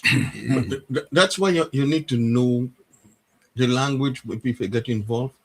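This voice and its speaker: Husky man telling stories. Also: medium pitch, unhurried. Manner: storytelling, animated, acts out dialogue. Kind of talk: casual radio discussion.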